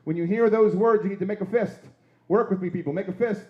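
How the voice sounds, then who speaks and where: A man's voice: sits high, quick pace, highs cut off. A man fronting a band on stage, playfully bantering and coaxing the audience to join in. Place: gala event hall, livestreamed. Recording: echoey room.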